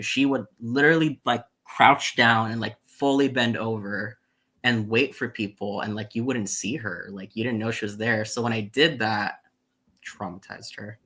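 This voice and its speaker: A man's voice: lowish voice, pushed and bright. A man, a scare actor guest on a podcast, telling a story in rambling casual chat full of "like". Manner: rambling, heavy use of "like".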